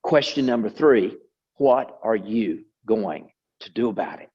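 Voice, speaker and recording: A man teaching a Bible study, telling a story in a lively sermon style and repeating words for emphasis. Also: fairly low pitch, measured pace, slightly rough, muffled recording.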